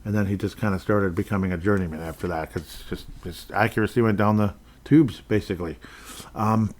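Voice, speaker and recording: A man talking through a solo sports podcast in a casual, rambling way. His voice sits on the low side, and he keeps stopping to correct himself. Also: fairly quick. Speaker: podcast host.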